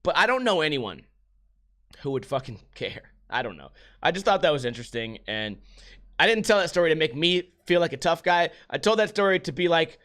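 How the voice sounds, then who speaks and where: Young american dude ranting on his vlog, swears a ton, kinda high voice. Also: a little fast. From United States. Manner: profane, animated storytelling. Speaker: vlog host. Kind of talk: casual chat.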